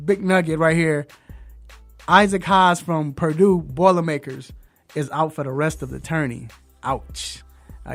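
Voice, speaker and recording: Man, sports show host, casual chat, lively slangy banter, somewhat high pitch. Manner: animated, laughing, loose slangy banter.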